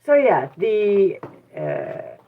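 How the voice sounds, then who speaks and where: A woman's voice: medium pitch, wildly swooping pitch, drawn-out words. A woman hosting a casual live stream, chatting with viewers and laughing often. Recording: tinny phone-like audio.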